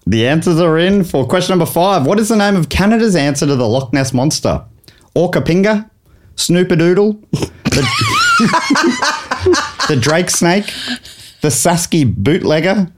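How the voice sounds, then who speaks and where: An Australian man hosts a comedy quiz podcast, reading out trivia with playful mock drama. His pitch swings a lot and he laughs readily. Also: lively intonation, moderate pace, long pauses, darkish tone, a little hiss or hum. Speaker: game show host.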